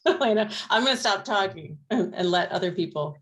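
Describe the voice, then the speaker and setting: A woman's voice: medium pitch, lively intonation, normal speed, a bit bright. A woman moderating a discussion, chatty and enthusiastic, with many "you know"s. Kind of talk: discussion talk.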